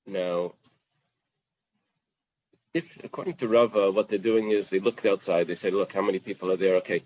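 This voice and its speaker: A man's voice: on the low side, a bit bright, dry recording, highs cut off. A man teaching a Talmud class in plain English, mixing in Aramaic and Hebrew quotes, with fillers and restarts. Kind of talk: daf yomi Talmud class.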